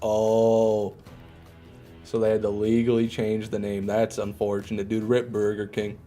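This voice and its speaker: A man's voice: fairly low pitch, measured pace, soft background music. A man casually chatting and joking with his chat while he streams a game. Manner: relaxed, joking, repeats himself. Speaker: gaming streamer. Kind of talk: casual live commentary reading chat.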